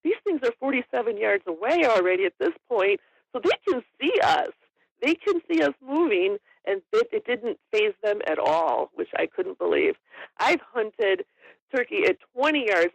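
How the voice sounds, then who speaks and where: Brief: woman guest, gravelly, chatty storyteller who laughs a lot, dull lo-fi audio. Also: medium pitch, very animated, normal speed, dry recording. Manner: chatty, laughs often while telling the story. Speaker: hunting guest. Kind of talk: casual storytelling in an interview.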